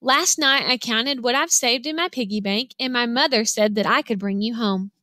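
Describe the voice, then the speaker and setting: An eager, kind little girl from a picture book, as a woman reading aloud puts her on. She sounds earnest and cheerful, in a bright, fairly high voice recorded close and dry. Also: normal speed, dry recording.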